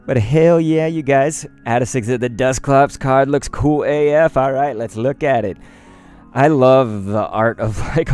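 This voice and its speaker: A young man opens trading cards on a live stream, talking straight to his chat in excited, slangy, hyped-up bursts. His voice has a medium pitch.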